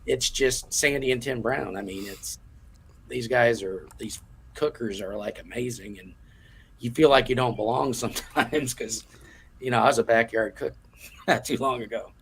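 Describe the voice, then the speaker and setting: Gravelly-voiced man guest, earnest. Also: mid-range voice, normal speed, slight background noise. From New York area. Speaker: guest, competition cook. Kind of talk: casual interview chat.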